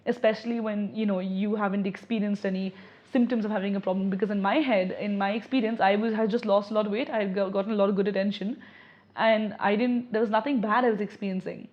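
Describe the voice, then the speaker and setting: A young adult woman giving candid personal testimony in an interview, reflective and halting, often restarting her sentences. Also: medium pitch, steady tone. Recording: slightly dull lo-fi audio.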